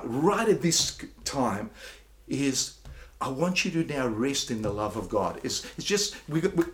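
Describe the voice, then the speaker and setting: Male pastor, a bit high-pitched, emphatic sermon delivery with stammered repeats. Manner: emphatic, repeats words when excited, slows down for declarations.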